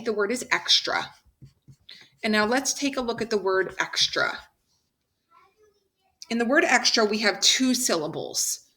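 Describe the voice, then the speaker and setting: A woman giving a phonics lesson in a bright, clear voice. She talks slowly and patiently and draws out each example sound. She often pauses to check that her students follow. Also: mid-range voice. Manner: patient, slow and deliberate, drawing out example sounds. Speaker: teacher.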